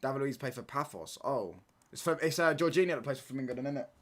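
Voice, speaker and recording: A man's voice: mid-range voice, lively intonation, quick pace. A young man chatting casually on a football watchalong stream, reading chat and bantering in slang with stop-start restarts.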